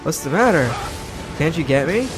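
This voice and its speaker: A man's voice: a little high, very animated, normal speed. Man from Britain, game commentary host, sarcastic and chatty, game music under him. brief. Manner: chatty, sarcastic, reacting to play. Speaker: let's play host. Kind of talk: gameplay commentary.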